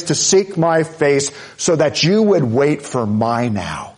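A pastor preaching a sermon, earnest and emphatic, driving points home with repeated phrases. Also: male voice, a little high, very animated, takes it slowly, few pauses, a little mellow, husky.

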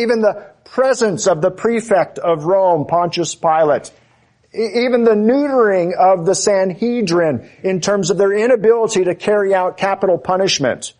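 A man preaching an expository sermon, emphatic and deliberate, repeating key phrases for stress. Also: on the high side, a little mellow.

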